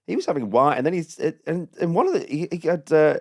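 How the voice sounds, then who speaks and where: Animated man telling stories with laughs. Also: a little high, brisk. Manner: animated storyteller, laughs often, mimics others. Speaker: comedian guest. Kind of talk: casual chat.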